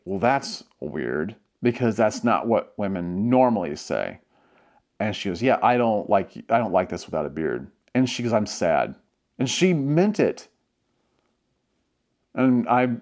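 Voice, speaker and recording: A man talks casually to his viewers in a vlog, telling a personal story. He rambles a bit, restarts his sentences and laughs now and then. His voice sits at an ordinary middle pitch. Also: a little mellow. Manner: chatty and rambling, with many restarts and little laughs. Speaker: vlogger.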